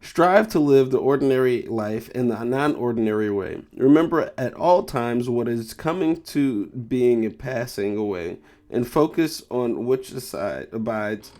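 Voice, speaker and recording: A man at a middle pitch, talking his way through a tarot and rune reading in a loose, joking manner. He rambles, laughs at himself and trips over the words he reads aloud. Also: expressive, unhurried, darkish tone. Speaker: tarot reader.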